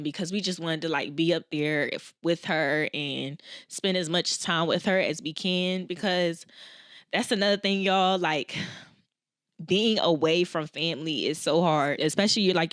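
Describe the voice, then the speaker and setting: Holding back tears, a Philadelphia woman in her twenties hosts a podcast and tells a personal story with candor and emotion, addressing her audience as "y'all." She sounds low and smooth, recorded clean in a studio with no room sound.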